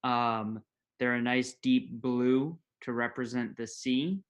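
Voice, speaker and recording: A man playing a tabletop game, describing his character's robes in a halting, casual way. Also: medium pitch, steady tone, clean tone. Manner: halting, filler-heavy. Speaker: player.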